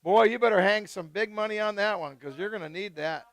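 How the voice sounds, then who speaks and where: A man hosting a live wine tasting, chatting casually and excitedly with guests and swearing freely. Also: high voice, a little fast, no room sound. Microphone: live stream mic.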